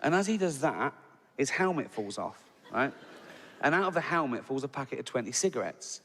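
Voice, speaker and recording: A man's voice: medium pitch, expressive, brisk, a bit bright. An English man in his sixties doing stand-up storytelling, tagging lines with "right?" and laughing through his own jokes. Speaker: stand-up comedian. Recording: long hall reverb.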